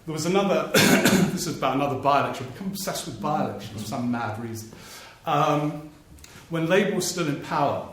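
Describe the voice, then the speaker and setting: A man's voice: a little high, lively intonation, fairly quick, few pauses, fairly bright tone. A man, a political journalist, telling anecdotes in a live stage talk before an audience and mimicking politicians' voices for laughs. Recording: very echoey live theatre recording, faint noise.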